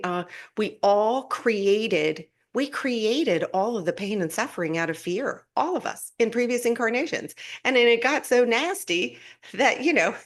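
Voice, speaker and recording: A woman's voice: mid-range voice, fairly bright tone. A woman hosting a live stream, giving a casual spiritual talk in an earnest, rambling way with frequent laughter and restarts.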